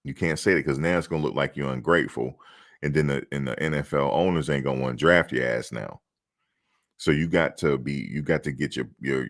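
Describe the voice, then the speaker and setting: A man hosting a casual sports talk show, joking and acting out mock quotes in an animated, laid-back way. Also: rumbling low, creaky.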